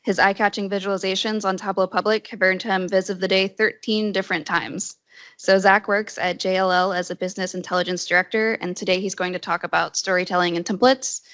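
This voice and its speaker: A woman's voice: medium pitch, flat delivery, a little fast, fairly bright tone, dull audio. A woman introducing a guest speaker at a meetup, in an appreciative, welcoming way. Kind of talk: spoken introduction.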